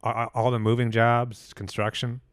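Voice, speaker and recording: A man's voice: medium pitch, level tone, normal speed, no echo, studio quality. A man co-hosting a podcast in a laid-back way, adding quips and short laughs. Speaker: podcast co-host. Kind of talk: casual chat.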